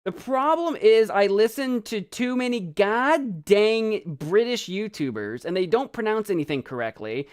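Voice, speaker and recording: A man's voice: high-pitched, sing-song, unhurried, hardly any pauses, smooth. An American man chatting casually on a live stream, rambling and giggling as he reads viewer comments aloud.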